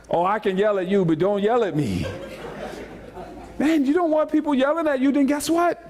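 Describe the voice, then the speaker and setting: A man preaching a sermon as pastor, joking and animated, repeating phrases as he speaks to the congregation. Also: very high voice, normal speed. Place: church sanctuary.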